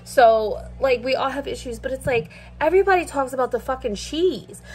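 A woman's voice: high voice, lively intonation, normal speed, darkish tone. Blunt, swearing woman vlogger. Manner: blunt, swears freely, filler-heavy. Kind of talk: casual rant while cooking. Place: home kitchen.

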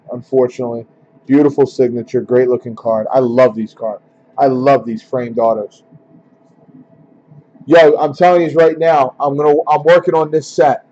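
A man's voice: mid-range voice, darkish tone, muffled recording. A man hosting a casual card-opening break, grumbling and joking with his viewers.

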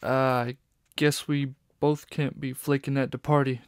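A man's voice: mid-range voice, flat delivery, moderate pace, dry recording, lightly acted. A man voicing a jittery male lizard con man who talks in hip slang, from a storybook reading. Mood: nervous. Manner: hip slang, stammers when nervous.

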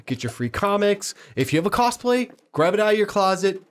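Brief: man, somewhat high pitch, halting co-host who trails off in casual chat. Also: very animated.

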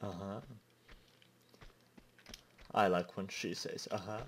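A man's voice: fairly low pitch, a little slow, a little hiss or hum. A young man giving casual gameplay commentary, chatting and laughing at his own slips of the tongue. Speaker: let's play host.

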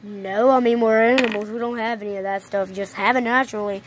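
A woman doing a gruff, rude male animal doctor. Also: on the high side, slight background noise, natural voice, rough recording. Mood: dismissive. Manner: flat, dismissive, hurried. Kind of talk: amateur cartoon voice acting.

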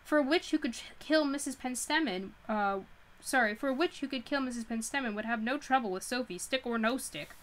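A woman's voice: sits high, brisk. A woman hosting a book club livestream, reading a novel aloud and often stumbling and correcting herself.

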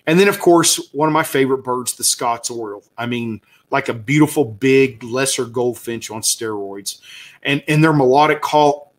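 A man with a Southern US accent gives a casual slide talk as a birding guide, enthusiastic and rambling, with many fillers and restarts. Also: mid-range voice. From Southern United States.

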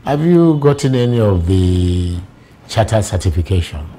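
A deep-voiced genial Nigerian chief. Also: male voice, expressive, moderate pace, warm tone. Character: wealthy older male chief, genial boss. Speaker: employer. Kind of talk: film drama acting.

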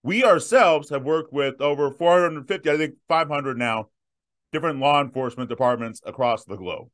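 A man in his thirties hosting a viewer Q&A, emphatic and direct, slowing down to stress his points. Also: fairly high pitch, a bit bright. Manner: emphatic, punchy repetitions, slows down to stress points. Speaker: host answering viewer questions. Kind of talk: direct-to-camera Q&A.

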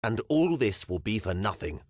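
A man's voice: lowish voice, sing-song, normal speed, no echo, clean studio sound. Narrator doing a frustrated worn-out king, scowly and short-tempered, audiobook. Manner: irritable, scowling, impatient. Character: weary, frustrated medieval warrior king. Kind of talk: audiobook character voice.

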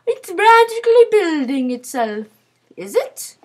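High, lively young woman gaming. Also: slow pace, slight background noise. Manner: silly, dramatic, exclaiming. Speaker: gamer. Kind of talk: playful game commentary.

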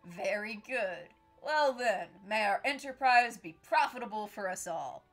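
A woman voicing a smooth-talking young female traveling merchant in a game, with a coy, teasing manner. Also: medium pitch, lively intonation, a little slow, fairly bright tone, soft background music.

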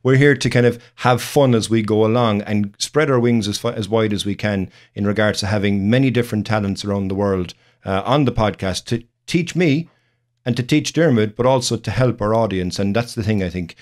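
A man's voice: lowish voice, fairly quick. A man with an Irish accent, a podcast guest speaking earnestly in a rambling, casual chat.

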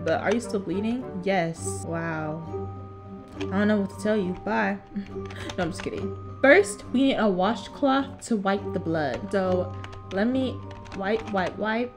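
A young woman chatting through a role-play video game as a sassy nurse character, teasing and talking back. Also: medium pitch. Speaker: gaming YouTuber playing a nurse character. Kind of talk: Roblox role-play commentary. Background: game background music.

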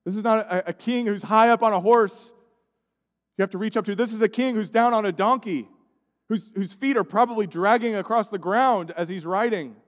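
Male pastor giving a sermon, goes from booming to real quiet, big echoey sanctuary. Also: a little fast. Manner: preaching with wide swings from loud emphasis to hushed near-whisper. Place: church sanctuary. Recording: church sanctuary with long reverb.

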